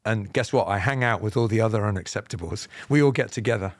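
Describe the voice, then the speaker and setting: A man from England with a southern, BBC-style received pronunciation accent, telling personal stories as a podcast guest in a measured, explanatory way with self-deprecating humour. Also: lowish voice, dry recording. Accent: Southern English, BBC-style received pronunciation. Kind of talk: reflective personal storytelling.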